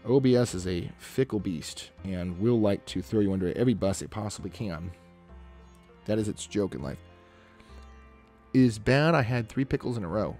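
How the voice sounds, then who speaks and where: A man's voice: fairly low pitch, expressive, moderate pace, a little mellow, soft background music. A man chatting casually with his stream chat while he draws, rambling and muttering to himself as he works. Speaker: artist livestreaming a drawing session.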